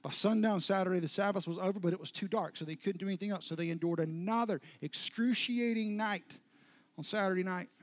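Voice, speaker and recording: A man with a high voice preaching a sermon. He tells the story dramatically, dropping to near-whispers and then building up again. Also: a little fast. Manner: dramatic storytelling with sudden soft drops and rising intensity. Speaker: pastor.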